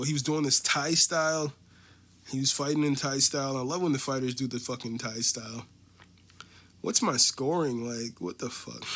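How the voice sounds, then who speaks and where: A man hosting a casual solo podcast, recapping fights round by round in a loose, profane way full of "like" and fillers. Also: mid-range voice. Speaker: podcast host.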